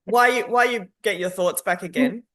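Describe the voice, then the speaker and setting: A woman's voice: medium pitch, fairly quick, fairly bright tone. A woman co-hosting a podcast, talking in a reassuring way and laughing easily. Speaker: podcast co-host. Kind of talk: casual chat.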